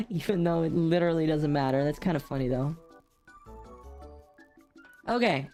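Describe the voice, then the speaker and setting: A woman's voice: low voice, animated, measured pace, warm tone, soft background music. A young adult woman chatting casually on a game stream, sleepy and yawning often, self-deprecating as she reads chat aloud. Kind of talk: casual live-stream chat while gaming.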